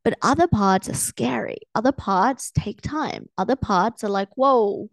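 A woman's voice: medium pitch, lively intonation, moderate pace, vocal fry, no echo. A young adult woman hosting her own coaching podcast, talking casually with lots of fillers and acting out quoted thoughts. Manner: chatty, filler-heavy, acts out quoted thoughts. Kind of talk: casual solo podcast talk.

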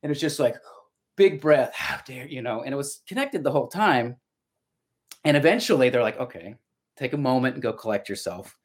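Here a middle-aged voice actor, guesting on a podcast, converses casually in an expressive mid-range voice that runs a little fast. He tends to reflect, tell stories, and begin his sentences again.

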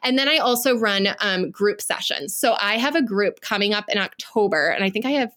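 A woman's voice: medium pitch, expressive, brisk, a bit bright. A woman in her thirties, a business coach chatting as a podcast guest in a frank, upbeat way. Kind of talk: casual interview chat.

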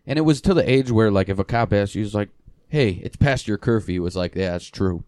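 A man's voice: on the low side, quick pace, darkish tone, no room sound, clean studio sound. A young man from Michigan hosting a casual podcast chat, rambling through a drinking story and laughing as he swears. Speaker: podcast host.

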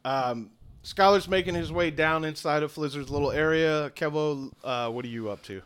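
Bright-voiced man running a tabletop game. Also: on the high side, clean tone. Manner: casual, halting narration with fillers. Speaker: game master.

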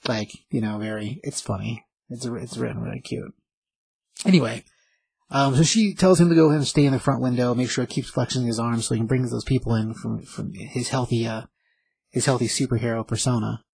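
A man with a gravelly, husky voice recaps a comic book plot in a loose, conversational way. He rambles, leans on fillers and often restarts his sentences. The sound is dry and close, with no room around it. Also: medium pitch, brisk, darkish tone, no echo, rough recording. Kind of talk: casual story recap.

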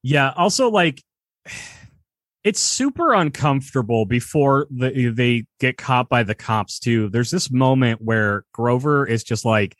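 A man's voice: medium pitch, animated, unhurried, fairly bright tone, no echo, studio quality. A man co-hosting a casual podcast, cracking crude jokes and laughing while recapping a film. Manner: swearing, joking, laughing. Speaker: podcast co-host.

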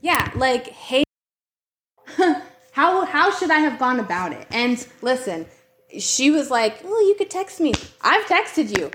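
A woman's voice: high-pitched, big pitch swings, takes it slowly, bright, forceful tone, echoey room. A woman co-hosting a casual chat podcast, talking emphatically with lots of swearing, fillers and restarts. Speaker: podcast co-host.

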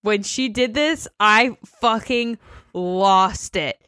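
A woman's voice: medium pitch, takes it slowly, pushed and bright, no echo. A woman co-hosting a podcast, recapping a reality show in a gossipy, sarcastic way and laughing often. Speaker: podcast co-host. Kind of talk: casual reality TV recap chat.

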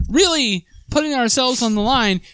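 A man's voice: extremely high pitch, expressive, normal speed, a bit bright, clean tone, no echo. A young man hosting a casual podcast, joking and rambling, laughing often between lines. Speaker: podcast host.

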